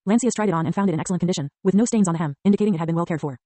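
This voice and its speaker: A woman narrating an audiobook in a brisk, even reading style. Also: on the low side, no echo. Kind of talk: scripted narration.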